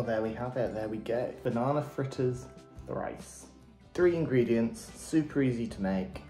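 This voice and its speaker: A man with a mid-range, slightly mellow voice keeps things chatty and cheerful in his cooking vlog. He's upbeat and likes to make fun of himself.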